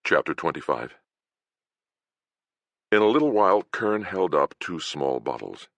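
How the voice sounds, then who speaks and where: A man's voice: low-pitched, big pitch swings, measured pace, creaky, fairly bright tone, no room sound. A man reading a fantasy detective novel aloud in a dry, wry first-person narration. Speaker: audiobook narrator.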